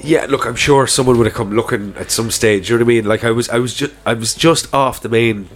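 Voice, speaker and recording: A man's voice: medium pitch, quick pace. A man co-hosting a podcast in casual chat. He swears freely and trails his sentences with "like". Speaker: podcast co-host.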